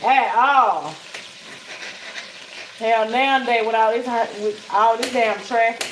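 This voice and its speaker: A woman's voice: fairly high pitch, slow pace, background noise. A woman chatting straight to her viewers while cooking in her home kitchen, salty-tongued and casual. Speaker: home cook vlogger. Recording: echoey kitchen with frying sizzle.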